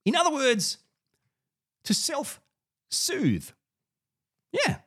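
A man talking straight to camera for his own channel, with a lively voice that swings up and down in pitch. He is sarcastic and animated, and he often doubles back on his words. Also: drawn-out words. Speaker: podcast and video host. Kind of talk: direct-to-camera commentary.

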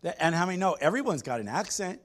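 High-voiced pastor preaching emphatically. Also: male voice, animated, fast talker. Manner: emphatic, repeats phrases, asks the congregation questions. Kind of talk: sermon.

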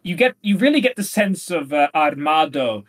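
A man's voice: a little high, sing-song, moderate pace. A man co-hosting a podcast, talking casually about a play, rambling with lots of fillers and hedges. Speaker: podcast co-host. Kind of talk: casual literary discussion.

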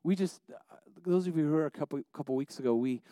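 Pitched on the high side and moving quickly, this pastor's sermon has no room sound behind it. Through family stories riddled with restarts, he alternates hushed asides with passionate, building exhortations.

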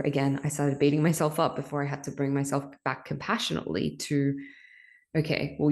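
Woman podcast host, low gravelly voice, raw confessional monologue, casual swearing. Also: a little mellow. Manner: emotional, confessional, swears freely. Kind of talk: candid personal monologue.

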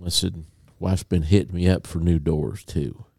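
A man co-hosting a podcast, telling a long story in a casual, animated way and acting out a phone call. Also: low-pitched, moderate pace, vocal fry, breathy edge, no room sound. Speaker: podcast co-host.

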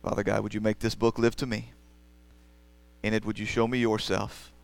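A man's voice: lowish voice, monotone, moderate pace, gravelly, clear, resonant tone. A man preaching a sermon as the pastor, earnest and rising to emphatic passages.

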